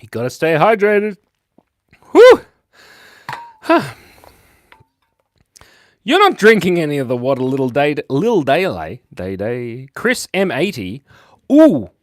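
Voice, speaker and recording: A man's voice: fairly high pitch, very animated, measured pace, no echo. Jokey guy drawing live and reading chat, bouncy voice, dry close sound. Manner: playful, jokey, reads chat comments aloud. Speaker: live-stream host drawing for kids. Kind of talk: casual live-stream chat while drawing.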